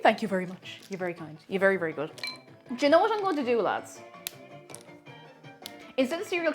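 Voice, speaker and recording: A woman streamer chats playfully while she bakes. Her voice sits a little high and jumps around a lot in pitch. Faint music plays quietly behind her. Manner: chatty and playful, greets viewers by name. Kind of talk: casual chat while baking on a live stream.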